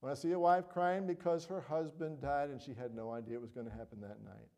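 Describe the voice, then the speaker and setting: Middle-aged male pastor, warm low-key tone, earnest sermon full of check-ins. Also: fairly even intonation, brisk. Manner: earnest, conversational, frequent "all right?" and "you know".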